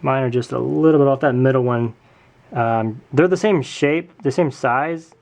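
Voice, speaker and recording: A man's voice: mid-range voice, normal speed, gravelly, a little mellow. A man hosting a casual hands-on craft tutorial at home, chatting and correcting himself with jokey asides as he works. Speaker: tutorial host.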